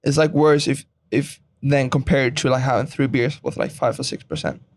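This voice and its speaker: A man's voice: mid-range voice, normal speed, a little hiss or hum. Playful, teasing young man. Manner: playful, teasing, laughs often. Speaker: podcast co-host. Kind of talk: casual chat.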